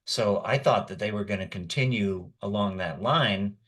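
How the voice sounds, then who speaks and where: A man's voice: fairly low pitch, normal speed, fairly bright tone. A man in his sixties, a guest voice actor, telling long rambling anecdotes with chuckles in a casual chat. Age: 60s. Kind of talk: casual storytelling.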